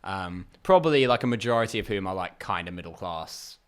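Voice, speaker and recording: Lower-voiced well-spoken English man. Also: animated, fairly quick. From England (Essex). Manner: rambling, lots of fillers and restarts. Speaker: guest comedian. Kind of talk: casual podcast chat.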